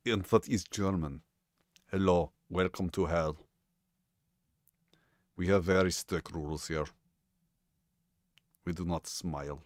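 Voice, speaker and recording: A man voicing a stern, humorless male devil from hell in a mock German accent, low and measured. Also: fairly even intonation, no room sound, clean studio sound.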